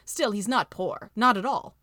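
A haughty, wealthy landowner from a storybook reading booms with amused condescension, voiced by a woman. He talks down to his guest with grand, easy confidence. The voice sits in a middle pitch, and the sound is dry and close. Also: moderate pace, sharp tone, dry recording, close to an everyday voice.

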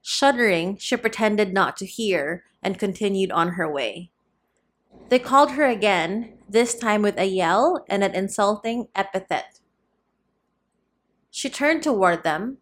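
A woman narrates a novel at a steady, measured pace, with a middle-pitched voice. Her delivery is calm scripted storytelling. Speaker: audiobook narrator.

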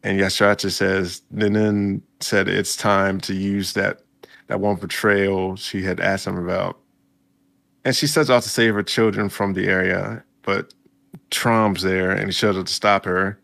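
Guy with a deep-ish creaky voice, laid back, recapping a story and reacting as he goes. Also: level tone, unhurried, fairly bright tone. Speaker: video host recapping a story.

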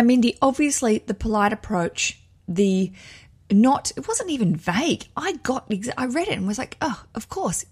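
A woman's voice: medium pitch, a little mellow, breathy edge. A woman hosting a wedding advice show, reading listener letters in a candid, self-mocking way that is full of swearing. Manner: digressive, with frequent laughs.

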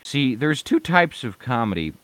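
A man's voice: medium pitch, very animated, moderate pace, a bit bright, no room sound. A young man delivering a mock-serious, profane and sarcastic comedy rant with strong opinions.

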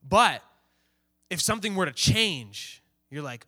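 Young guy pastor, kinda high bright voice, chatty animated sermon. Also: a little fast. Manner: casual, animated storytelling, acts out quotes. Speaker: youth pastor.

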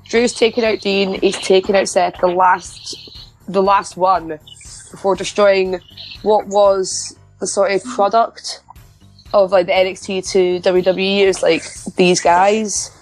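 A woman's voice: medium pitch, little pitch movement, a little slow, soft background music, rough recording. A woman co-hosting a podcast, chatting casually and rambling with many restarts. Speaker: podcast co-host. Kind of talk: casual wrestling chat.

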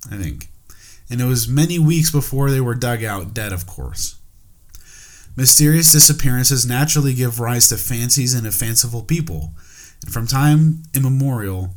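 A man's voice: medium pitch, a little mellow. A man co-hosting a podcast, reading an old ghost story aloud with the odd aside. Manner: reads steadily, with light asides and laughs. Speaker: podcast co-host.

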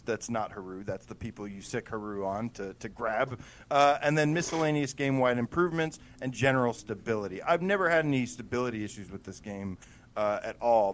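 A man's voice: medium pitch, fairly bright tone. A man co-hosting a casual gaming news show, talking earnestly and enthusiastically, with casual swearing. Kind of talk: casual chat.

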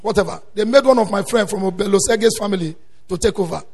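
A male preacher delivering a sermon, swinging between quiet storytelling and loud emphatic exhortation. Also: high voice, fast, breathy edge. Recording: long hall reverb.

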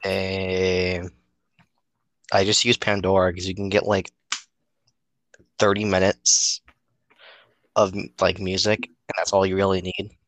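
A man's voice: low voice, little pitch movement, takes it slowly, long pauses, fairly bright tone, no echo. A young man co-hosting a podcast, chatting casually with blunt, teasing, crude humor. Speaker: podcast co-host. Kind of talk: casual chat.

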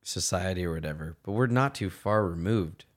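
A man with a fairly low voice co-hosts a casual podcast. He rambles in loose slang and keeps circling back to his point. His talk is crude and offhand. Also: normal speed. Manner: slangy, rambling, full of "like" fillers. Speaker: podcast co-host.

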